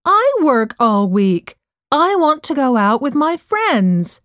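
A woman voicing a restless, annoyed teenage girl in a storybook reading, her lines pitched up and pleading. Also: sing-song, slow pace, no echo, studio quality. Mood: frustrated.

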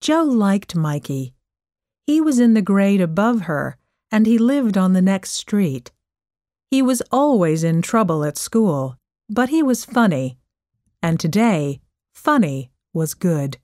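A woman narrating a storybook chapter in a careful, expressive reading voice. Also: medium pitch, slow pace, dry recording, studio quality.

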